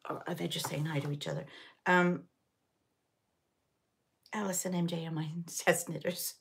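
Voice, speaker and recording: Her voice is lowish and husky with vocal fry, holding a steady tone at a moderate pace. She's a middle-aged knitting channel host from Liverpool, England, chatting casually at home during a live stitch-along, rambling and responding to viewers as she goes.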